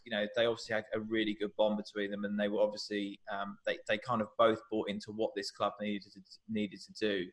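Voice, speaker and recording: Animated male film director telling stories. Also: fairly low pitch. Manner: animated storyteller, acts out quotes, frequent restarts. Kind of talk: live Q&A conversation.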